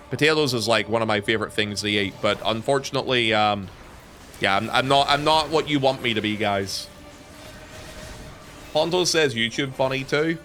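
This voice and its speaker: A young man from Northern Ireland, with a softened Northern Irish accent and a medium-pitched voice, chats and jokes casually with his stream viewers.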